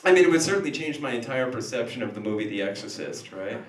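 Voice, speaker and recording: A man's voice: mid-range voice, expressive, fast. A man doing a one-man comedy show on a cafe stage, rambling and joking. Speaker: stand-up comedian. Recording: echoey cafe from far off.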